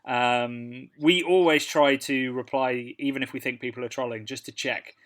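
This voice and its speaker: A man co-hosting a casual podcast, telling stories in a relaxed, chatty way and laughing along. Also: medium pitch, moderate pace. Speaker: podcast co-host. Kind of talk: casual chat.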